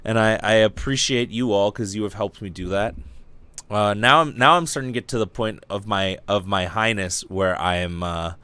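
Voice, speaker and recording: A man's voice: lowish voice, moderate pace, sharp tone, clean tone, dry recording. A young man hosting a casual livestream podcast, rambling and giddy, lightheaded from fumes, swearing freely. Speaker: podcast host.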